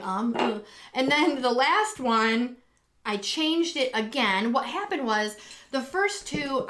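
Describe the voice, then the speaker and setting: A woman with a slightly high, somewhat bright voice hosts a casual live stream from indoors at home. She's an acrylic pour artist who chats and rambles, full of ums and restarts, and gushes when greeting viewers.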